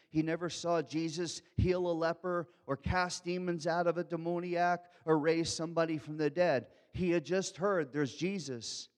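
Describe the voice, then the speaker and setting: A man preaching a sermon as a pastor, swinging from soft asides to loud, fervent outbursts. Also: fairly high pitch. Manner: animated preaching, shifts from soft asides to loud shouted quotes. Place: large church hall. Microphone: handheld or headset microphone. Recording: long hall reverb.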